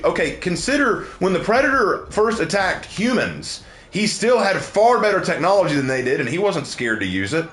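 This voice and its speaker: A man's voice: high voice, big pitch swings, normal speed, a bit bright, a little hiss or hum. A man chatting casually on a gaming livestream, loose and jokey as he reacts to viewers.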